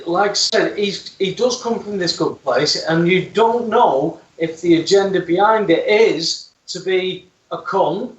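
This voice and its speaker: Male co-host, high, insistent, roomy, off-mic. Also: measured pace, few pauses, far from the mic, highs cut off. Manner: emphatic, interjecting. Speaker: guest co-host. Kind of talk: casual chat.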